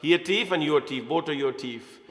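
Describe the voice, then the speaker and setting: A man telling a devotional story as a sermon, animated and chuckling, mixing in Hindi words. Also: fairly high pitch, quick pace. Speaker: preacher. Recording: echoey hall reverb.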